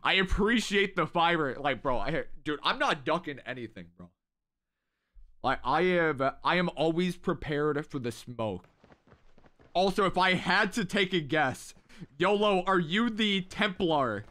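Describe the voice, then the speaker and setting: A man's voice: on the high side, expressive, unhurried, bright, forceful tone. A young man hosting a mobile shooter livestream, chatting casually with viewers and repeating phrases over and over as he plays. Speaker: livestream gamer host. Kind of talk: casual live game commentary. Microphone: headset.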